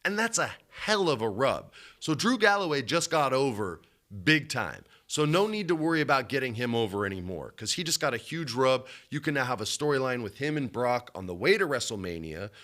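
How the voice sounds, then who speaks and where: A young man co-hosts a casual podcast chat with a bright, forward voice. He tells his story with lots of energy, jumping up loud for the big beats and dropping down low for the side remarks. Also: sing-song, fairly quick, few pauses. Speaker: podcast co-host.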